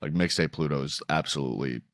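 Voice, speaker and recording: A young man hosting a podcast, chatting casually about sports betting with profane, animated storytelling. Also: very deep voice, quick pace, dry recording, clean studio sound. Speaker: podcast host.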